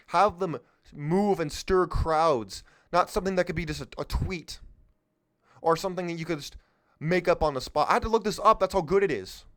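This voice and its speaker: A man's voice: high-pitched, clear, resonant tone. A man hosting a political show, talking off the cuff in an emphatic way, firing rhetorical questions at listeners and sometimes losing his train of thought. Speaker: political podcast host. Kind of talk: unscripted political monologue.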